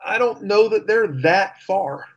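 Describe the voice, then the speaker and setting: Heard through lo-fi audio, a radio host speaks in a high, creaky voice at a measured pace. He reads the news casually, adding fillers and sardonic, wry asides.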